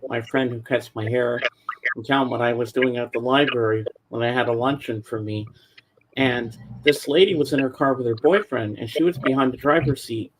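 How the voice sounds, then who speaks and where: Guy cohosting a podcast, just tells it straight, noisy background. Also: medium pitch. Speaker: podcast co-host. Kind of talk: casual chat. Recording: clear background noise.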